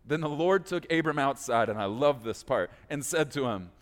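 A pastor delivers his sermon, a man whose pitch rises and falls freely as he tells the story with playful, casual asides. His voice sits at an ordinary middle pitch. It rings out with a long reverb tail from a church hall. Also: expressive, normal speed. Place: church sanctuary.

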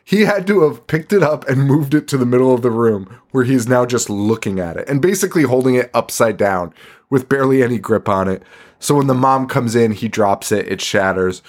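A man's voice: mid-range voice, lively intonation, a little fast. A man hosting a podcast, recapping a movie in casual chat, swearing a lot, laughing often and rambling. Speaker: podcast host.

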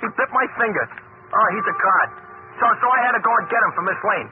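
An actor playing an excitable, slangy male cab driver who repeats himself, in a 1930s radio drama. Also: high voice, fast talker. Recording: tinny hissy 1930s radio broadcast.

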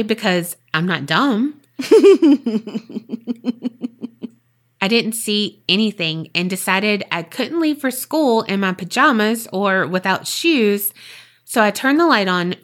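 A woman co-hosting a podcast, reading a listener's ghost story aloud and then chatting in a lively, swearing, laughing way. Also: mid-range voice. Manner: animated, swears freely, laughs often. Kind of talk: casual chat and reading aloud.

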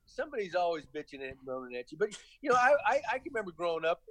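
A middle-aged man with a gentle Southern accent, a former baseball manager telling stories as a podcast guest, rambling with lots of restarts and "you know.". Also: high-pitched, sing-song, rapid-fire, a loud crowd, low-quality recording. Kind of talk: casual interview talk.

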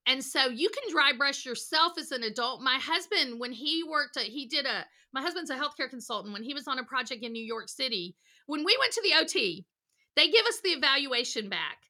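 High, bright-voiced energetic woman. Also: a little fast. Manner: energetic, animated storytelling with acted voices. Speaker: counselor and guest. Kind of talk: podcast interview.

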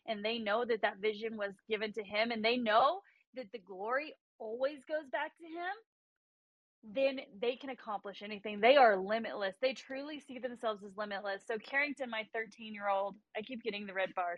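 A woman in her thirties with a fairly high voice, speaking as a guest over a remote call. She tells her story with passion and conviction. The sound is dry and close, with no room around it. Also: fairly quick, no room sound, muffled recording. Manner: passionate, faith-driven storytelling. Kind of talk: livestream interview.

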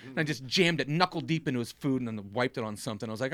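A man's voice: medium pitch, rapid-fire, no room sound. A man in his thirties telling a long comic story in casual chat, acting out what people said. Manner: animated storytelling, acting out quotes. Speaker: storyteller on a comedy podcast.

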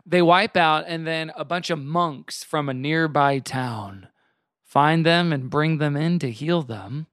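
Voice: mid-range voice, slow pace, a bit bright, no room sound, studio quality. A podcast host in casual chat, recapping an episode with frequent laughs. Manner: chatty, laughing while recapping.

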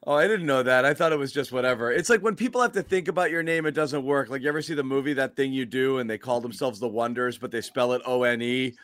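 Teasing sports podcast host, dry sound. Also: male voice, medium pitch, fast, hardly any pauses, fairly bright tone, no room sound. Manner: teasing, playful storyteller. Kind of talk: casual sports chat.

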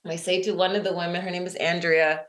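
A middle-aged woman, an interview guest and author, telling a personal story in conversation, lively and quick to laugh. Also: on the low side.

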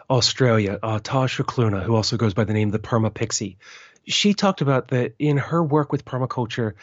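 In a casual interview chat, a male guest in his forties speaks in a husky, slightly breathy, somewhat mellow voice of medium pitch, sounding reflective and earnest as he works through long sentences. The recording is dull and dry, with little treble and no room sound.

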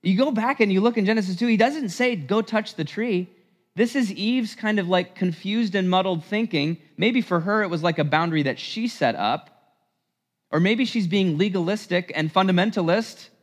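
A man preaching a sermon in a church, animated and emphatic, with rhetorical questions. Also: high-pitched, normal speed. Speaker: priest preaching. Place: church sanctuary. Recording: long church reverb.

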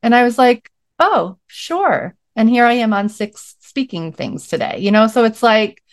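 A woman's voice: fairly high pitch, moderate pace, clean tone, no echo, studio quality. A middle-aged woman, a podcast guest, telling her story in a casual, chatty way, full of "like"s and acting out what she said to herself. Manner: chatty, many "like"s, acts out her own quotes.

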